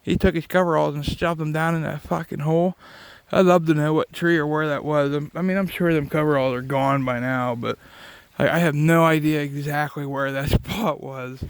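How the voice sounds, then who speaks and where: A man telling rambling, casual stories outdoors in the woods. His voice sits fairly high, and he swears freely as he wanders from one memory to the next. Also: steady tone, moderate pace, hardly any pauses, clear, resonant tone, no room sound. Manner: profane, rambling, laughs at his own stories. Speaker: vlogger.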